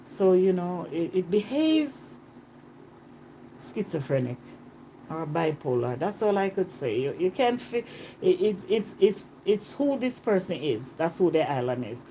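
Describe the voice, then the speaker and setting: A woman chatting casually in a travel vlog, animated and repeating herself for emphasis, recorded on a phone outdoors. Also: lowish voice, unhurried, a little hiss or hum. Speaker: travel vlogger. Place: outdoors on a Caribbean island.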